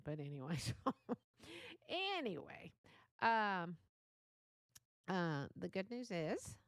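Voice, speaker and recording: A woman's voice: sits low, vocal fry, no echo. An older woman hosting a solo podcast, chatty and motherly, laughing often as she talks. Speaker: podcast host. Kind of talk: casual solo podcast talk.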